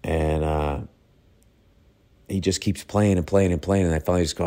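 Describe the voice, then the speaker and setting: A man's voice: deep voice, flat delivery, moderate pace, gravelly, warm tone. A middle-aged man telling family stories in a rambling, profane, casual way, often breaking off mid-sentence. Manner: rambling, profane, self-interrupting. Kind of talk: casual storytelling.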